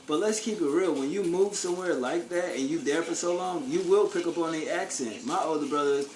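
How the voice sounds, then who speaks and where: A man's voice: fairly high pitch, a little fast, darkish tone, slight background noise. A man vlogging a casual opinion rant, blunt and profane, full of street slang and rhetorical questions. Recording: echoey room with faint ambience.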